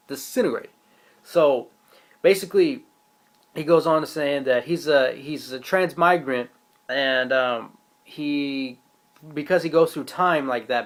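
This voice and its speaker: A young man casually reviewing a comic chapter in an excitable, slangy, profane way. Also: mid-range voice. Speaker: manga reviewer.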